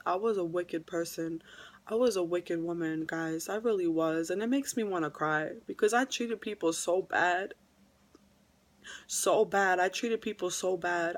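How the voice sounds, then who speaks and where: New woman, vlogger, heartfelt testimony delivery, repeats herself for weight. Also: mid-range voice. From New York. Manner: emotional, repeats phrases for emphasis. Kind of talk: earnest religious testimony vlog.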